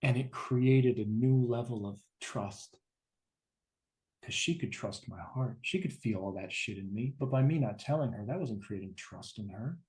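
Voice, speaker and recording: A man's voice: mid-range voice, moderate pace, darkish tone. Earnest man coaching on relationships. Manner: earnest, emphatic, swears casually. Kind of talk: personal teaching talk.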